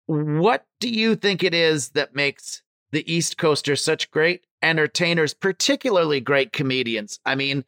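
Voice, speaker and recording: Jokey higher-voiced male podcast host. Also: animated, a little slow, few pauses, no echo, studio quality. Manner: jokey, laughs often, reads a warm intro. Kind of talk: casual interview chat.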